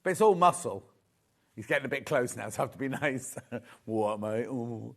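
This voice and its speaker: Chatty, lively man hosting a sales show. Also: medium pitch, moderate pace, gravelly. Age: middle-aged. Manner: gushing, chatty, teasing the crew. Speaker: shopping channel host. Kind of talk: live sales presentation, chatty banter. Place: TV studio.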